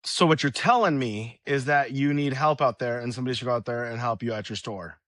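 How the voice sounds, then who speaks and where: A man's voice: medium pitch, fairly quick, fairly bright tone, no room sound, studio quality. A man hosting a podcast in casual chat, joking and teasing his guest in self-deprecating banter. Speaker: podcast host.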